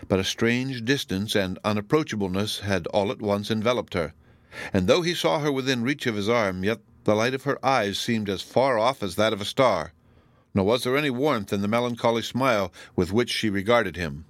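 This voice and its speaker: Low-voiced man reading a classic novel. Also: fairly bright tone, no echo. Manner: measured and formal. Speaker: audiobook narrator. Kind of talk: scripted narration of a classic novel.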